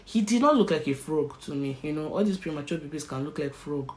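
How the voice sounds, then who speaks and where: A woman's voice: sits low, a little fast, a little hiss or hum, poor audio. A young Nigerian woman vlogger vividly telling a personal story and acting out its scenes. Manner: animated, vivid storyteller who acts out scenes. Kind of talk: emotional story-time narration.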